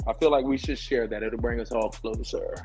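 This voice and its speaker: A man co-hosting a podcast, chatting casually with animated jokes and frequent swearing. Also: medium pitch, a little fast, soft background music, poor audio. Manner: animated, joking, swears freely. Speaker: podcast co-host. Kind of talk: casual chat.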